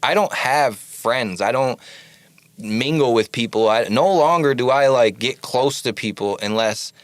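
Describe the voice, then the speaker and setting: A man telling a story as a podcast guest, animated and full of casual "like"s, acting out the lines he quotes. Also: mid-range voice, measured pace, dry recording. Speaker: podcast guest, studio owner.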